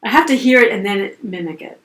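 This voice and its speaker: A woman's voice: mid-range voice, fast talker. A woman co-hosting, talking in an encouraging, playful way. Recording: roomy echo.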